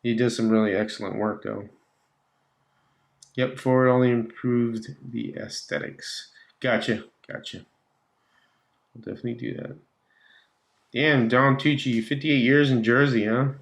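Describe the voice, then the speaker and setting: A man's voice: mid-range voice, steady tone, unhurried, creaky, pauses often. A man hosting a casual livestream, chatting with viewers and reading their comments, laughing often and trailing off mid-thought. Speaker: livestream host. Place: home slot car track room.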